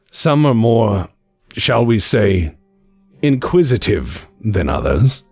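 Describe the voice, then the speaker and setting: A man voicing a refined, sinister older gentleman contact who speaks slowly and with silky politeness. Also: fairly low pitch, husky, heavily acted. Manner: slow, measured, silkily polite.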